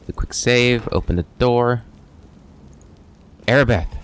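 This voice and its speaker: A man's voice: low-pitched, normal speed, creaky, long pauses. A man hosting a let's play, thinking aloud and reading game text as he plays. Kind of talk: gameplay commentary.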